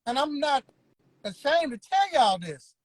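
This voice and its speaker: A man's voice: very high-pitched, sing-song, poor audio. A man, telling his story as an interview guest in an emphatic, preacher-like way. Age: 50s. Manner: emphatic, preacher-like, drawn-out words. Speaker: interview guest, barber school owner. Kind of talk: motivational storytelling.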